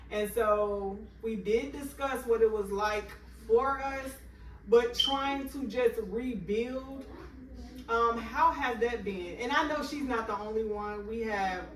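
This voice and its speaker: A woman hosting a group discussion, asking measured questions. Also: medium pitch. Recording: echoey room, distant mic, faint hiss.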